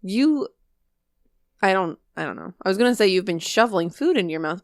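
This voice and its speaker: A young woman co-hosting a chatty podcast, her pitch swinging widely as she jokes and curses through banter. Her voice sounds close and dry. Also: lively intonation, fast talker, no room sound. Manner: swearing, laughing, teasing banter. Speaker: podcast co-host. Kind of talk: casual chat.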